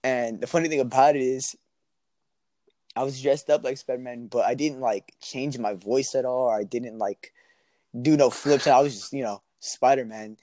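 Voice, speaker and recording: A man's voice: medium pitch, fairly even intonation, normal speed, warm tone, no room sound. A young man telling a story in a casual, slangy way and laughing often. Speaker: guest.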